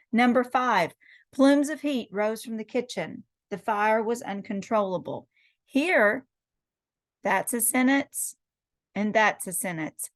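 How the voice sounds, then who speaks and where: A woman's voice: fairly high pitch, animated, slow, long pauses, no echo. Methodical woman teacher reviewing quiz answers. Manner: methodical, explains step by step with rhetorical questions. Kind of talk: recorded lecture going over quiz answers.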